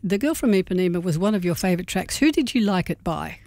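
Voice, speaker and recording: A man's voice: high voice, animated, quick pace, a little mellow, no room sound. A man from Melbourne hosting a community radio show, chatting casually and reading out a gig guide with small slips. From Melbourne, Australia.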